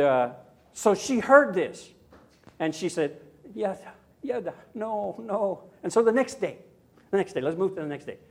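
An older man preaching a sermon in a chatty, anecdotal way, with frequent asides and tag questions. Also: on the high side. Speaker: pastor. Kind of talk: sermon with personal story.

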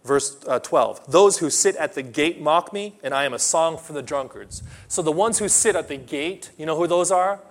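A man preaching a sermon, emphatic, swinging between loud outbursts and quiet asides; English is not his first language. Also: a little high, lively intonation, normal speed, hardly any pauses. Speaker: pastor.

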